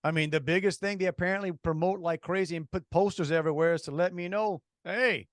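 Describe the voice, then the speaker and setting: A radio co-host tells stories animatedly in casual on-air chat, thick with sarcasm and many restarts. His voice sits high, fast and steady in tone, in clean studio sound with no echo.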